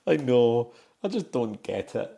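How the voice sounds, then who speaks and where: A man co-hosting a podcast in easy, joking chat. His voice is warm and mellow, and his pitch swings widely from low to high. He teases often and laughs readily. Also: sing-song, measured pace, vocal fry. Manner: jokey, laughs often, teasing. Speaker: podcast co-host. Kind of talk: casual chat.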